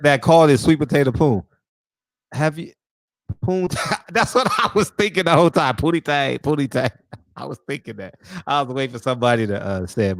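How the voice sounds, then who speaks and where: A man hosting a casual livestream, from the American South, trading loud, profane, laughing banter with his viewers. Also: a little high, no room sound, studio quality. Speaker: livestream host chatting with viewers.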